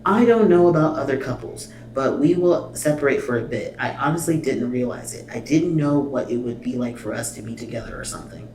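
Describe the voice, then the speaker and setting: Guy reacting to clips, cussing and exasperated, dark mellow voice, roomy echo. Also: medium pitch, lively intonation, brisk, few pauses. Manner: blunt, sweary and exasperated, reads subtitles aloud. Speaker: reaction video host. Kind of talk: casual reaction commentary. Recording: echoey room, mic at a distance, faint noise.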